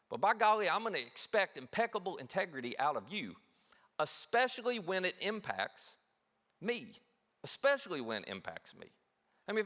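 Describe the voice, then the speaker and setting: Man preaching, bright tone, lively pitch, long hall reverb, church auditorium. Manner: animated, acts out quoted voices. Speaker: pastor. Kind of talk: sermon.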